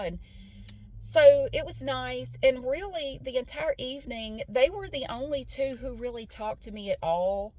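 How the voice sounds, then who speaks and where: A woman's voice: sits high, moderate pace, darkish tone. A woman casually telling a personal story while driving, candid and swearing freely, and acting out the voices of people she quotes. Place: in a car.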